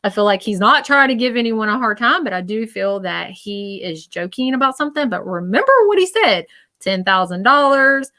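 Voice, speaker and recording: A woman's voice: mid-range voice, very animated, brisk, few pauses, bright, forceful tone. Rambling woman giving a live psychic reading. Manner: rambling, filled with "um" and "you know"; speaks to viewers directly and reassuringly. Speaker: psychic medium.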